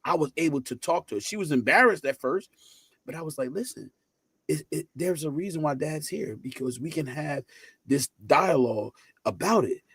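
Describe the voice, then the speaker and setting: A man with a fairly high voice speaks earnestly and with passion, stumbling on a word now and then. The sound is dry and close. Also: lively intonation, normal speed, a bit bright, breathy edge, no echo. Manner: earnest, passionate, tongue-tied at times. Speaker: podcast panelist, father. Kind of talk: casual chat.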